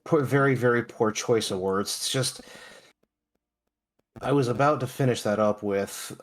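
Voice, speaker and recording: A man playing a tabletop game, narrating his character's actions in a laid-back, halting way. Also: mid-range voice. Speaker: tabletop player. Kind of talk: casual role-play narration.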